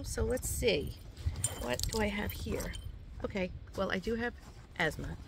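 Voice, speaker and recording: A lowish, slightly bright voice with vocal fry belongs to this New York hiking vlogger, who rambles through a casual show-and-tell of her gear. Fillers like um and uh come up constantly, and a little hiss or hum runs under the audio.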